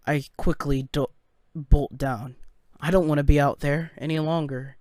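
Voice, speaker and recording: Slow, halting male storyteller. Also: fairly high pitch, steady tone, a little mellow, no room sound, studio quality. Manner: halting, anxious, with stammered restarts. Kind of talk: first-person story narration.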